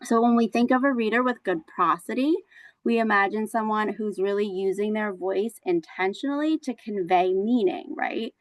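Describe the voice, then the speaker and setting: A woman gives an online teacher-training talk over a video call. Her pitch sits in a middle range, and she explains each point earnestly, with many "um"s along the way. The sound is close and dry, with no room echo. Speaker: teacher trainer presenting a webinar. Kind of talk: online professional development presentation.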